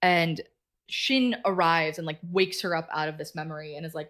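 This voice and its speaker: A woman co-hosting a book club podcast, chattily retelling a novel's plot and quickly acting out the characters' lines. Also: sits low, fairly even intonation, fairly bright tone.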